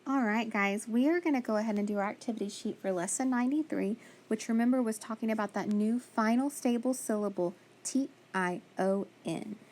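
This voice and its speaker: A woman teaching a phonics lesson to a class, encouraging them, asking questions and sounding out letters slowly. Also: fairly high pitch, darkish tone.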